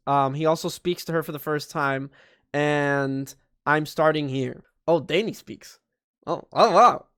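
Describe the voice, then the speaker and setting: A young YouTuber reads a fan story aloud, breaking off for joking, sarcastic asides and mock-dramatic voices. His voice is a little high, a bit bright and smooth, with fairly even intonation and a measured pace. The recording is dry, with clean studio sound.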